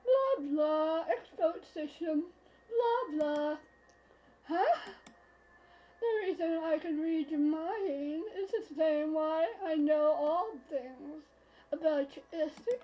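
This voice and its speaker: A woman doing a bubbly, teasing female God with a very high voice, drawn out at an unhurried pace. Playful and full of bounce, she needles a newcomer like an old friend as the visual novel is read aloud. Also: mellow, rough recording. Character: brash upbeat female God, teasing and chatty. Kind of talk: reading a visual novel aloud on a live stream.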